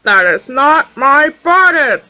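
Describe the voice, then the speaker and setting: Lady doing a cranky little toad guy, whiny, yells a lot, voice jumps all over. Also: medium pitch, very animated, slow, voice pushed down, exaggerated voice, poor audio. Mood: upset shouting. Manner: grumbling, then wailing and shouting. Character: fussy male toad, easily upset.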